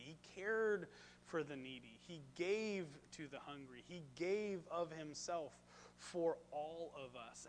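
A man preaching a sermon in a fairly high voice. His delivery is animated, with asides and questions to the congregation. A faint hum sits under the recording. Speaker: pastor.

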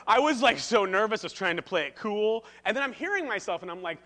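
A male pastor preaching a sermon, telling an animated, self-deprecating story with humor before turning to the message. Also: high voice, fast.

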